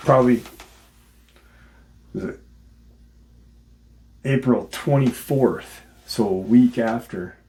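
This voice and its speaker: A man's voice: lowish voice, darkish tone. A man hosting a paranormal channel, retelling an encounter story in a casual, rambling way with frequent restarts. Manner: rambling, repeats himself, restarts sentences often.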